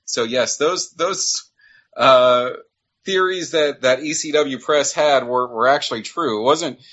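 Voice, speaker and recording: A man's voice: medium pitch, measured pace, fairly bright tone. Chatty man hosting, slightly muffled. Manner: eager, chatty, plugs the guest's site. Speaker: podcast host. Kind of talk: casual podcast chat.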